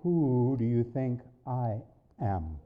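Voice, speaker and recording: A man voicing a firm, commanding divine male voice that speaks slowly and solemnly. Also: sing-song. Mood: stern. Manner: slow, low and solemn. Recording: dull lo-fi recording.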